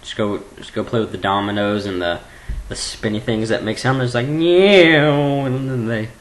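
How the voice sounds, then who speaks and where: A man rambling goofily in a webcam vlog at home at his computer, jumping between low mumbling and sudden squeals. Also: flat delivery, a little fast, poor audio. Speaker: vlogger.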